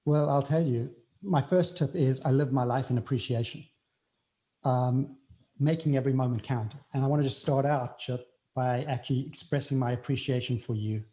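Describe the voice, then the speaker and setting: A man's voice: mid-range voice, steady tone, moderate pace, dark tone. A man with a South African accent, speaking earnestly as an interview guest and repeating key phrases for emphasis. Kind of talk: reflective interview talk.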